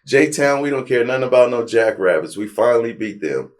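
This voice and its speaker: A man from Compton, telling his life story in a relaxed, slangy interview. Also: mid-range voice, fairly quick. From Compton, California. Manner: animated storyteller, slangy, acts out his past self. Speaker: interview guest.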